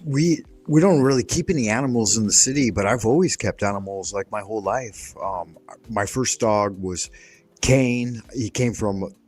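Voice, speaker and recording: A man hosting a casual live stream, telling relaxed stories and swearing casually. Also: on the low side, moderate pace. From United States. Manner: laid-back storyteller, swears casually. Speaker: stream host. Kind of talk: casual chat.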